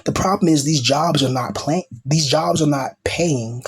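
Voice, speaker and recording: A man's voice: a little high, normal speed, breathy edge. A man talking in a casual, rambling monologue as a self-styled teacher, peppering his talk with asides like "you know" and "bro".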